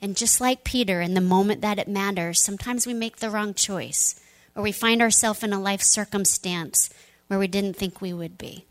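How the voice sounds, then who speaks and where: A woman pastor giving a sermon, retelling a story in a conversational, animated way. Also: medium pitch, normal speed, low-quality recording.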